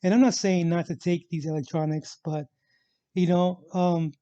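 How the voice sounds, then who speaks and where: A man's voice: high-pitched, fairly even intonation, moderate pace, dark tone, dry recording. A man casually telling a personal travel story on his vlog, rambling with many fillers and restarts. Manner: rambling, full of fillers and restarts, repeats "actual". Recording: dull lo-fi sound, dry.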